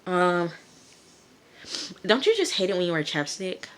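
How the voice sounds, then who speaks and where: A woman's voice: on the low side, big pitch swings, a little slow. A woman casually recapping a TV episode, chatty with many fillers, talking straight to her viewers. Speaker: TV episode reviewer.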